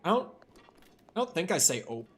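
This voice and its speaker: A man's voice: fairly high pitch, sing-song, measured pace. A man from Minnesota with a light Minnesotan accent, chatting casually and swearing freely as he streams a game and answers chat. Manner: chatty, profane, reads chat aloud. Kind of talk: casual live-stream commentary.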